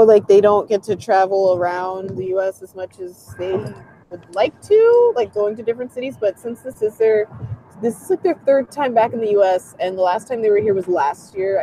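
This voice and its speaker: A woman's voice: on the high side, a little hiss or hum, poor audio. A woman recapping a concert in a casual chat, telling it animatedly with lots of "like". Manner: animated storytelling with quoted voices, frequent "like". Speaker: convention reporter.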